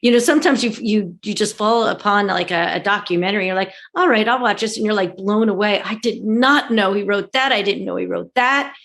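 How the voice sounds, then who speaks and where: A woman from the Philadelphia area, a guest in a casual chat, talking in a halting, chatty way with many restarts. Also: medium pitch, creaky, fairly bright tone. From Philadelphia area, USA.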